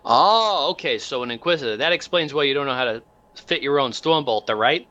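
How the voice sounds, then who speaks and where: A man voicing a gruff, cursing cyborg lieutenant in a tabletop game. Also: medium pitch, expressive, a little fast, bright, forceful tone, dull audio, voice pushed up. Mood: brusque. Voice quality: brusque and swearing. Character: gruff cyborg male guard lieutenant, brusque.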